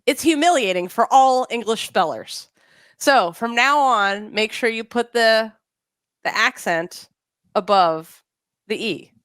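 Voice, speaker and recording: A woman co-hosting a podcast, chatting casually with quick jokes and asides. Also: fairly high pitch, smooth, no echo. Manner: animated, joking, quick asides. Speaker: podcast co-host. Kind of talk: casual chat.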